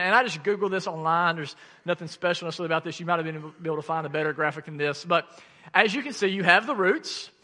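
A high-pitched male pastor preaches a sermon, telling stories animatedly with frequent laughter and sudden loud outbursts. His voice carries the sound of a big room.

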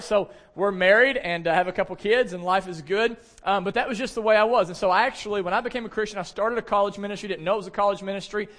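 A fairly high-voiced man, preaching from the pulpit. He tells stories in a lively, self-deprecating way, full of casual fillers and asides to his congregation. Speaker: pastor. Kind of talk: storytelling sermon.

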